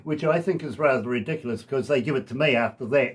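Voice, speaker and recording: A man's voice: medium pitch, a little fast. A man from New Zealand hosting a radio interview, chatty and jokey, poking fun at himself. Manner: jokey, chatty, self-deprecating. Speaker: radio host.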